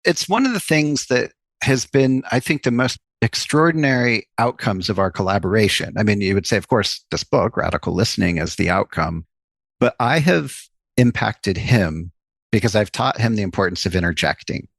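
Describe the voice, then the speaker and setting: A man talks through ideas as a podcast guest, laying out examples one after another. His voice is low and gravelly. The close, dry mic keeps the room out of the sound. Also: moderate pace, dry recording. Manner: explains ideas at length with examples. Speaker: psychologist and author, podcast guest. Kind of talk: interview conversation.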